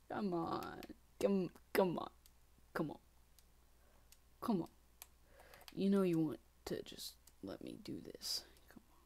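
A woman talking casually over her own gameplay as a channel host. She keeps up a stream of half-whispered grumbling to herself. Every so often it breaks into sharp, exasperated exclamations. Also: on the low side, very animated, measured pace, gravelly, pauses often. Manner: mutters and whispers to herself, with sudden frustrated outbursts.

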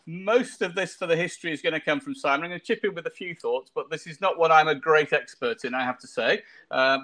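Bright-voiced jokey host. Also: male voice, fairly high pitch. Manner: jokey, rambling with many restarts. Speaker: wargaming show host. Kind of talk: casual chat.

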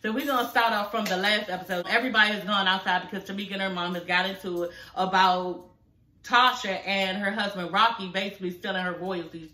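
A woman's voice: mid-range voice, pushed and bright, roomy sound. A woman in her thirties hosting her own channel, ranting in a sassy, profane, fired-up way about a reality show. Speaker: reality TV reviewer, channel host. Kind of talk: ranting reaction commentary. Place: home at night.

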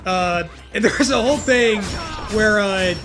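A young man chatting casually over a video game, telling a rambling, halting story with crude jokes. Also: high voice. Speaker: gaming co-host. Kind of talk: casual chat over gameplay. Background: game music.

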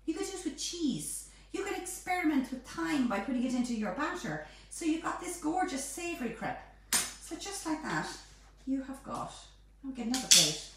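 Woman, live home cooking host, playful chatter; fairly high voice, distant mic in a very echoey kitchen. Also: big pitch swings, moderate pace, background noise. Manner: chatty, playful, bubbly asides.

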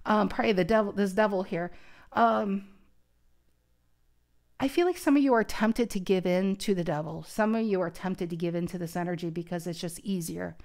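An earnest woman talks through a tarot spread in a casual, conversational way. She thinks out loud, restarting her sentences often. Her voice sits at an ordinary mid pitch. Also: moderate pace, creaky. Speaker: tarot card reader. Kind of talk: casual tarot reading to camera.

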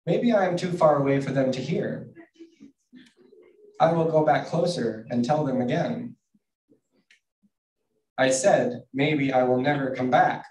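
A man voicing a stubborn, proud male turtle in slow, stiff, deadpan phrases as he reads a storybook aloud. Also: fairly high pitch, lightly acted. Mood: sulky. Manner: deliberate, flat and stiff phrasing. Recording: roomy distant mic with faint noise.

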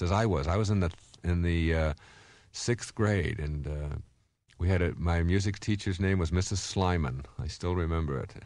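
A man in his fifties giving a recorded self-help lecture, telling stories in an animated way and acting out the voices he quotes. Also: fairly low pitch, no room sound. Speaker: motivational speaker.

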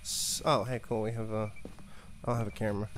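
Streaming a ghost-hunting game, this man talks fairly quickly in a fairly low, level, slightly bright voice, with a little hiss or hum in the background. His commentary is profane and jokey, full of insults for the ghost and quips aimed at himself and his chat.

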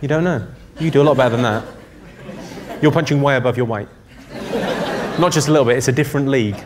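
A man doing a stand-up comedy set on a theatre stage, trading deadpan one-liners and banter with the audience. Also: medium pitch, fast, a crowd in the background. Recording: live show with loud audience noise.

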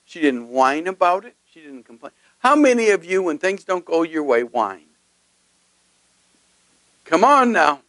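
A man's voice: high-pitched, fairly bright tone, dry recording, low-quality recording. A male pastor preaching a sermon emphatically, often putting questions to his congregation.

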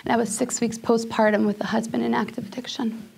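High-voiced woman telling her story. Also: little pitch movement, quick pace, creaky, darkish tone, slightly rough. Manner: emotional, dropping at times to a near whisper. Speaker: speaker. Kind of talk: personal storytelling talk.

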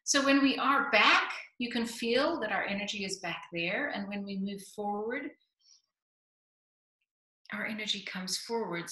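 A woman communication coach leading a slow, soothing guided body-awareness exercise in an online session. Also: on the high side, sharp tone. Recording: echoey room.

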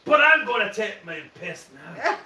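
Sweary man, lively voice. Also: high voice, unhurried. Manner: sweary, joking, puts on mock accents. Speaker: host. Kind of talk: casual banter among friends. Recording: echoey room.

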